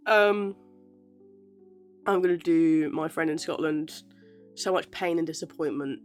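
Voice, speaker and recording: A young woman talks casually to camera, chatty and self-deprecating. Her voice sits a little low, and faint music plays behind her. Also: creaky. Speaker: aspiring actress vlogger.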